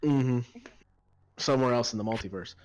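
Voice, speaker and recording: A man narrating a tabletop game as game master, pausing often with fillers. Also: medium pitch, a little mellow, a little hiss or hum. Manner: hesitant, many fillers.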